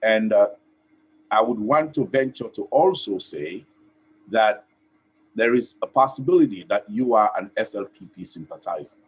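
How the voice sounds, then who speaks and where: A man from Sierra Leone with a Sierra Leonean accent, giving earnest, emphatic commentary on a live stream in short, paused phrases. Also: fairly low pitch, animated, slightly rough, low-quality recording. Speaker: online TV host and activist. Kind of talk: direct-address commentary.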